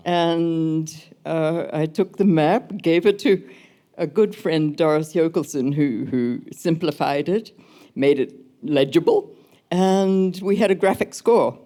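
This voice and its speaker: An older woman composer speaking in a gentle, thoughtful way in a public conversation, laughing softly as she tells stories. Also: low voice, takes it slowly. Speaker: composer guest.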